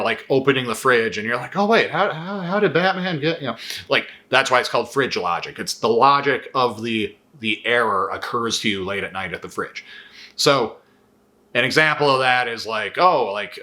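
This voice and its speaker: A man's voice: mid-range voice, pushed and bright. A man, a filmmaker and video host, giving casual film commentary in a rambling, profane style full of fillers.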